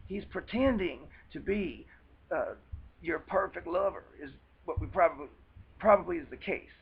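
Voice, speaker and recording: Man with a country twang, husky and gravelly, rambling earnest advice vlog. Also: fairly high pitch, expressive, normal speed, narrow, tinny audio. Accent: American country twang. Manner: rambling, earnest, with many restarts. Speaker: vlogger. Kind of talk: casual advice monologue.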